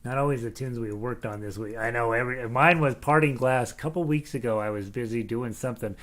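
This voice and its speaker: With a brisk, somewhat bright mid-range voice, the middle-aged ukulele teacher keeps up a jokey live-stream chat, greeting his class and reading their comments. Fillers abound, and he bursts into laughs and little fragments of song.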